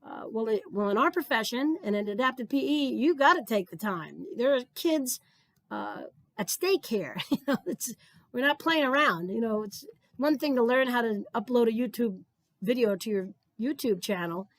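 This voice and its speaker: A woman's voice: a little high, expressive, moderate pace, no room sound. An older woman from New Jersey, a retired physical education supervisor, giving an earnest, conversational keynote talk and repeating key phrases for emphasis.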